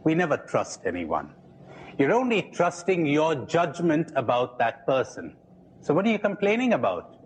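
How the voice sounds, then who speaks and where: A man delivers a reflective lecture at an unhurried, deliberate pace, challenging his listeners with pointed rhetorical questions. His voice sits a little high for a man and rises and falls in wide, lively swings. A faint hum of noise sits under the recording. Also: low-quality recording. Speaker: speaker giving a talk.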